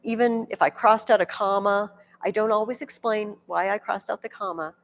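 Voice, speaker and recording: A woman teaching a classroom grammar lesson, animated, speaking directly to her students with quick asides. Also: medium pitch, creaky, long reverb tail, a little hiss or hum. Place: large classroom with a reverberant sound.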